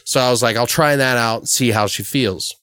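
A man's voice: medium pitch, normal speed, bright, forceful tone, clear, resonant tone, dry recording, soft background music. A man hosting a casual horror film podcast, rambling through a story and swearing freely. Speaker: horror movie podcast host. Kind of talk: casual chat, film review.

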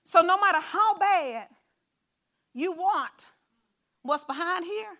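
A woman preaching to her congregation, talking in a loose, animated way with asides and stories. Her voice sits high and has a bright ring to it. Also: unhurried. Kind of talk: sermon.

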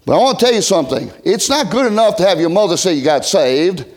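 Middle-aged man, pastor, high voice, folksy revival preaching with big loud-to-soft swings. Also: lively intonation, quick pace. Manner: folksy, swinging from loud shouting to hushed near-whisper. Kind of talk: revival sermon.

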